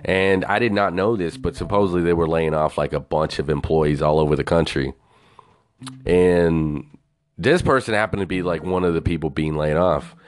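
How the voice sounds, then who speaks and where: A man's voice: low-pitched, moderate pace. A man ranting in a casual, profane way, incredulous and swearing constantly.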